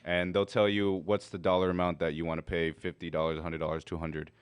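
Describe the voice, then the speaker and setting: A man from a restaurant, describing dishes and their ingredients one by one in a steady, methodical way. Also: deep voice, quick pace, clear, resonant tone, no echo. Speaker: restaurant representative.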